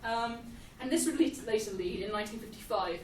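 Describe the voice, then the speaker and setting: Animated young woman explaining history. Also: a little high, quick pace, recorded from a distance. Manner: animated, joking, laughs often. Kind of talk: casual jokey history lesson. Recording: echoey room, off-mic, faint hiss.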